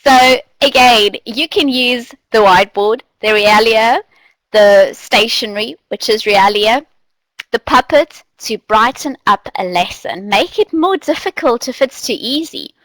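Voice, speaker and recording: A woman giving an online teacher training, animated and demonstrative, often playing with her voice. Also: a little high, a little slow, no echo, poor audio. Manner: animated, demonstrative, playful voice changes.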